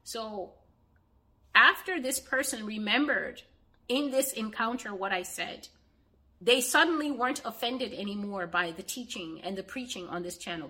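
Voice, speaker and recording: A woman's voice: on the high side, animated, normal speed, sharp tone, low-quality recording. A woman preaching on her own channel, earnestly and emphatically, in a sermon-style religious teaching. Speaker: online preacher.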